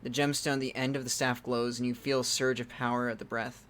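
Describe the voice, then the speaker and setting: A man reading a text adventure game aloud, breaking off into loud startled exclamations, with game music playing behind him. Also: mid-range voice, flat delivery, a little fast.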